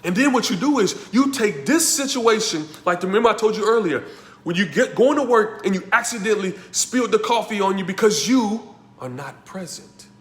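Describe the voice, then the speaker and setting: Male motivational coach in an echoey room, emphatic and repetitive, shifts between hushed tones and loud bursts. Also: high-pitched, lively intonation, fairly quick. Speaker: life coach teaching a masterclass. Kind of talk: motivational class talk.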